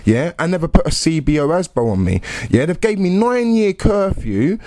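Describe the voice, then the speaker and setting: A man's voice: on the high side, big pitch swings, moderate pace, darkish tone, dry recording. A young man with a London accent, making a heated complaint on a phone call and repeating himself insistently with tag questions. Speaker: caller.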